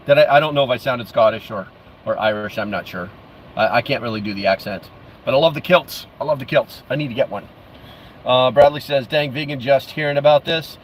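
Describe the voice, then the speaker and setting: A man's voice: mid-range voice, a little fast, slight background noise. A middle-aged man hosting a casual livestream, reading viewer comments aloud and rambling with lots of fillers and restarts, calling viewers bro. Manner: friendly, calls viewers bro. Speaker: livestream host.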